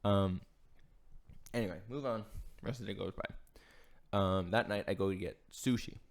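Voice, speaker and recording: A man's voice: on the low side, normal speed. A young man co-hosting a podcast, telling a story in casual chat with lots of restarts and swearing. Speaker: podcast co-host.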